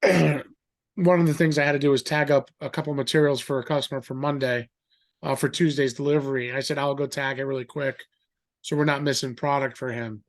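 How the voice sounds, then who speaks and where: A middle-aged man telling a story in a rambling, animated way, acting out the voices of others. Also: medium pitch, fairly quick. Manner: animated, acts out quoted voices; rambling with fillers and restarts. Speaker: guest. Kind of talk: casual storytelling.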